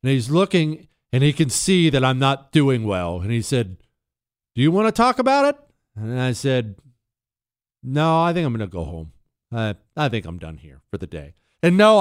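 A man with a fairly high voice hosts a talk radio show, telling a story with dramatic flair and sound effects before answering listener questions. The sound is clean and studio quality, with no echo.

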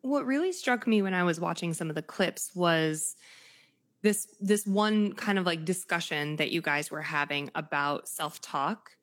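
A young adult woman hosts a casual podcast conversation with a somewhat low voice. She speaks candidly and bluntly, dropping casual swears as she makes her points. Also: a little slow, a bit bright.

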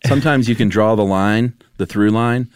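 A man with a deep, low voice chats as a podcast co-host. He is laid-back and teasing, and he laughs a lot. The recording is dry and close, with no room sound. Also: normal speed, clear, resonant tone, no echo. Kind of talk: casual chat.

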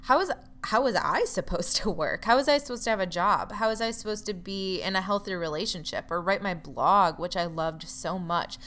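A woman's voice: mid-range voice, moderate pace, a bit bright. A woman telling a personal story in a candid, frustrated way, with wry asides.

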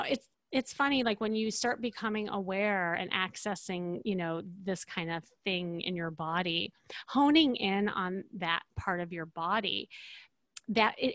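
A woman's voice: mid-range voice, a bit bright, dry recording. A young adult woman coaching a client on a podcast, upbeat and encouraging, with many fillers.

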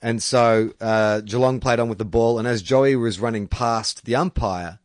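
Aussie bloke chatting footy on a podcast, laughs mid-story, dry close sound. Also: male voice, mid-range voice, normal speed, no room sound. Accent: Australian. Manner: laughs through his storytelling. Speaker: podcast co-host. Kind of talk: casual sports chat.

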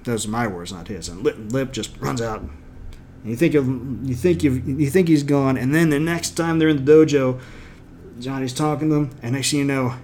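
A man in casual talk, recounting a show with blunt, irreverent emphasis. His voice sits at a mid pitch for a man, and he often breaks into mock quotes of the characters. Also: moderate pace, a little mellow, a little hiss or hum.

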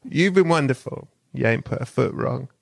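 A man with a gravelly, creaky edge to his voice hosts a comedic interview. He riffs through silly made-up tales in a relaxed, swearing, chatty way. The sound is dry and close, with no room echo. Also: medium pitch, moderate pace. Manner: spins absurd improvised stories, swears casually. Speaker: podcast host. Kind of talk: comic interview chat.

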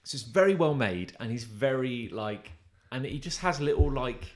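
A man co-hosts a podcast, chatting casually at a moderate pace with a medium-pitched voice and lively intonation. He rambles a lot, full of fillers and restarts.

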